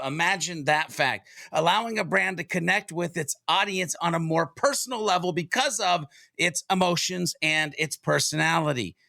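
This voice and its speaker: A man's voice: a little high, normal speed, gravelly, few pauses, sharp tone, no echo, studio quality. A man co-hosting a podcast, talking energetically and rambling through rhetorical questions. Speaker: podcast co-host. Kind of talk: enthusiastic podcast talk.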